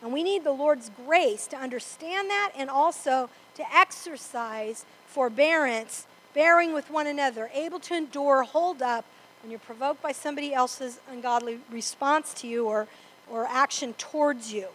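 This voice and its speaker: Speaking at a moderate pace in a high, somewhat bright voice, a woman preaches to a church congregation. She is emphatic, repeats things to drive them home, and keeps asking "Amen?" The recording quality is low.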